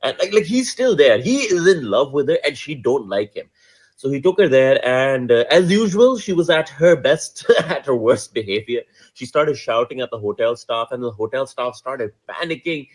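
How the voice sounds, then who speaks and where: A man from Pakistan, casually retelling a news story, animated and laughing often. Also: medium pitch, normal speed. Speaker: commentator.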